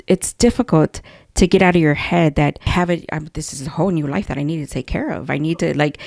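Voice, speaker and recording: A woman's voice: fairly low pitch, gravelly, darkish tone. A woman hosting a podcast interview, reacting with emphatic sympathy. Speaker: podcast host. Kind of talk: conversational interview.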